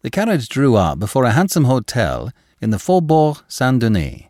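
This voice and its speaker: An audiobook narrator reads a classic novel in a measured, expressive storytelling manner. His voice is medium-pitched, recorded dry at studio quality.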